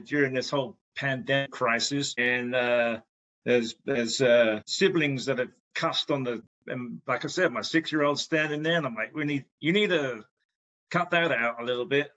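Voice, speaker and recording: Bright-voiced man, halting and self-deprecating. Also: medium pitch. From England. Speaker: guest. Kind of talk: casual podcast chat. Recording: slightly muffled lo-fi sound.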